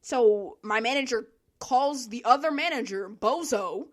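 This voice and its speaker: A woman's voice: a little high, lively intonation, measured pace. A young woman telling a profane work story to her vlog audience, laughing often. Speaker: vlogger. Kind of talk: casual storytelling rant. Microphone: solo recording.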